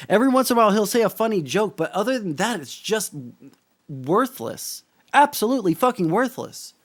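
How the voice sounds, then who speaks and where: A man's voice: high voice, no echo, clean studio sound. A young man giving casual political commentary as a streamer, profane and ranting, with many restarts.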